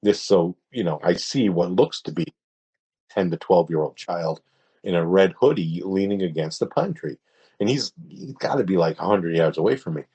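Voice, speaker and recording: A man with a deep, slightly husky voice talks as a podcast guest. He tells his story casually and stumbles, stops and restarts as he goes. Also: expressive, mellow, lo-fi sound. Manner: hesitant, halting, with many restarts.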